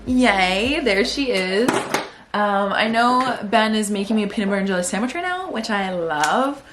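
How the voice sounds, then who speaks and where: Over music, a young woman who vlogs and podcasts chats casually at home about her day, emotional and saying "like" a lot. Her mid-range voice is animated, at a moderate pace.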